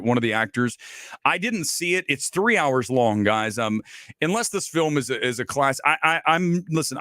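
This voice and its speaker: Male host, blunt, sarcastic rants, swings his pitch a lot, dry close mic. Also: no room sound. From Los Angeles area resident. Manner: animated, blunt, sarcastic, swears freely. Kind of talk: casual ranting film commentary.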